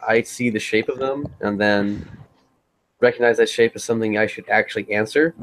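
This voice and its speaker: A man's voice: on the low side, steady tone, moderate pace. A man co-hosting a casual podcast chat, telling stories in a dry, matter-of-fact way. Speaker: podcast co-host.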